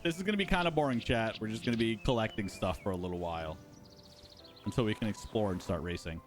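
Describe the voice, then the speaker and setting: A man's voice: fairly low pitch, fast talker, faint music behind. A man hosting a live stream, giving casual, playful commentary while playing and talking to his chat. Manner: chatty, playful, talks to chat.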